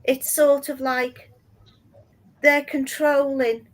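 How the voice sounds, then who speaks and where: A woman's voice: high-pitched, little pitch movement, slow pace. A woman in a casual chat, speaking hesitantly with many ums and restarts.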